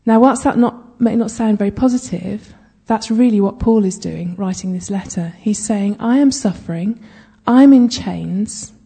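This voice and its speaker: A woman's voice: medium pitch, steady tone, moderate pace, few pauses, dark tone, slightly rough. A woman giving conversational Bible teaching, chatty, with humorous asides and frequent check-ins with her listeners.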